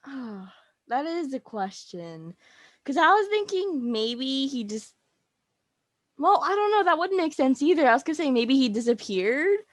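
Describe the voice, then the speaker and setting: A woman's voice: high-pitched, a bit bright, dry recording, studio quality. A woman co-hosting a casual review chat, thinking aloud and musing over open questions. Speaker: co-host.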